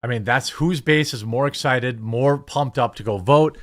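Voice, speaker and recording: A man hosting casual political commentary, talking in an animated, sarcastic way with lots of fillers. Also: mid-range voice, moderate pace. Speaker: political commentator, channel host.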